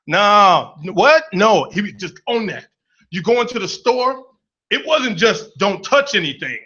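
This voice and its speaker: At a normal pace, a man with a high, bright yet husky voice tells a funny personal story, playfully acting out each character with lots of animation. The recording sounds dull and lo-fi.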